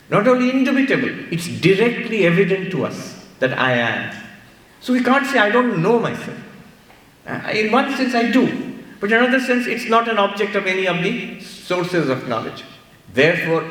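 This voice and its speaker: A man with an Indian English accent giving a spiritual talk in a large hall, animated and playful as he tells stories. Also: high-pitched. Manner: animated storytelling with playful asides. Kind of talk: sermon-style lecture. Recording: echoey hall, mic far off.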